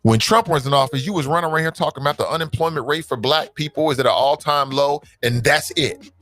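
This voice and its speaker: A man's voice: on the high side, fast talker, fairly bright tone, soft background music. A man hosting a live talk show, reading viewer comments aloud and bantering casually with his audience. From Cincinnati, United States.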